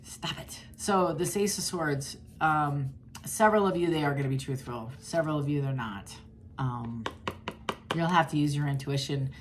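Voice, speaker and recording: A woman's voice: low-pitched, normal speed, slight background noise. A woman giving a casual tarot reading straight to her viewers, chatty and blunt, often restarting her sentences. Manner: chatty and blunt, with frequent restarts and sudden laughs. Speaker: tarot reader.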